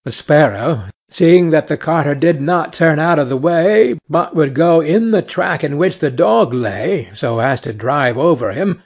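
A man narrating a fairy tale slowly and clearly for English learners. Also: a little high, animated, darkish tone.

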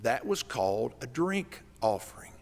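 Pastor, folksy eulogy, mid-pitched voice, long church reverb. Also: male voice, sing-song, normal speed. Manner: folksy, emotional, rising to loud emphatic peaks. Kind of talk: funeral sermon. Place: church sanctuary.

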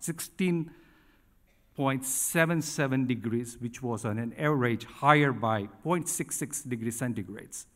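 A middle-aged man giving a conference keynote speech, talking deliberately with frequent ums and emphatic restatements. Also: medium pitch, a bit bright. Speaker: keynote speaker at an industry conference. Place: large conference hall. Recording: reverberant hall sound.

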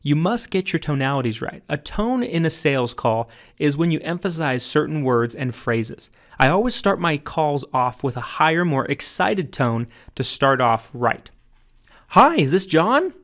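A man narrating his own sales training audiobook, coaching emphatically and jumping up in pitch on key points. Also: expressive, moderate pace, hardly any pauses, a bit bright.

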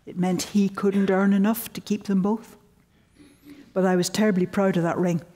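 A woman's voice: mid-range voice, moderate pace. A woman in her seventies giving a public lecture, telling wry stories of her early career. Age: 70s. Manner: wry, storytelling, animated quotes. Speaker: guest lecturer.

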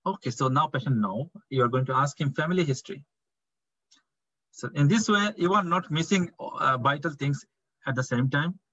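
Bangladeshi clinical tutor, male, thirties, repeats key points, slightly high voice over a dull call line. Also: normal speed, fairly bright tone, breathy edge. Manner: repetitive, acts out doctor-patient dialogue. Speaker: clinical teaching fellow. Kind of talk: online medical teaching session.

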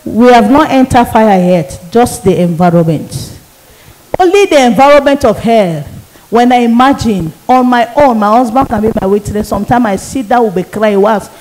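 A woman's voice: a little high, animated, normal speed, darkish tone, a little hiss or hum, low-quality recording. A woman evangelist, giving an emotional sermon testimony and repeating phrases for emphasis. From Nigeria.

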